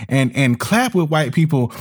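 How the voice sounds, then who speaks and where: A man's voice: fairly high pitch, sing-song, moderate pace. A man delivering a heated monologue, emphatic and repetitive, often restarting his words and slipping into sneering mock voices. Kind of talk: ranting monologue commentary.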